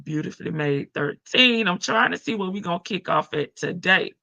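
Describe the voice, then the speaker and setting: A woman's voice: lowish voice, normal speed, pushed and bright, dry recording, lo-fi sound. A woman with a heavy morning voice, hosting a casual live stream from her front porch and greeting viewers by name.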